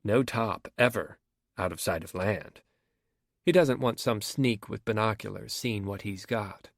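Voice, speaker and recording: A man's voice: on the low side, unhurried, creaky, dry recording, studio quality. A man reading an audiobook, voicing a blunt young woman who talks frankly and teasingly.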